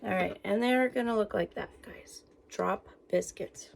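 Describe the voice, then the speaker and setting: A woman talks viewers through a home cooking demo in her kitchen, chatty and a little out of breath, narrating herself and calling her audience "guys." Her medium-pitched voice is creaky and measured, and the kitchen recording is noisy.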